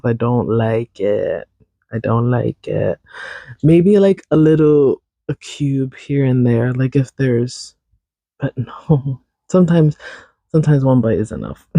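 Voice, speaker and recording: A man's voice: mid-range voice, warm tone, no echo. A man hosting a podcast alone, rambling in a chatty, self-teasing way. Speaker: podcast host. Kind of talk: casual solo podcast chat.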